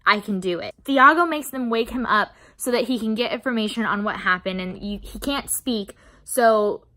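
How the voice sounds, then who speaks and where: A woman's voice: a little high, moderate pace, pushed and bright. A young woman casually recapping a novel for her book channel, chatty and openly emotional, swearing now and then. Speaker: book vlogger.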